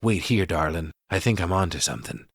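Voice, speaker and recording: An odd young man speaks with smug, old-fashioned formality, as a man puts him on. The voice is low and dry. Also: animated, brisk, gravelly, fairly bright tone, no echo, heavily acted.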